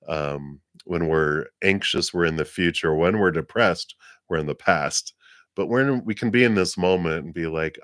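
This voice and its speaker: Male livestream reader with a very low voice and a gentle, meandering, fill-word-heavy delivery, laughing often, a little lower than usual from the weather, dry close mic. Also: normal speed, dry recording. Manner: gentle, rambling, laughs often, many fillers. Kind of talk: casual live reading.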